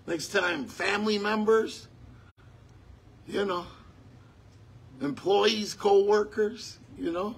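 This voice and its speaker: A man preaching a sermon in a conversational way, breaking into shouts on key lines. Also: high voice, slow pace, pauses often, slightly rough.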